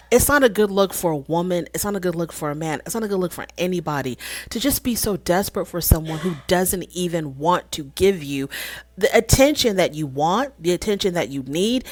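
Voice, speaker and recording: Woman host recapping episodes, opinionated, slightly low voice, dry close mic. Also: no echo. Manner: opinionated, animated retelling with quoted dialogue. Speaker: reality show recapper. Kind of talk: casual recap commentary.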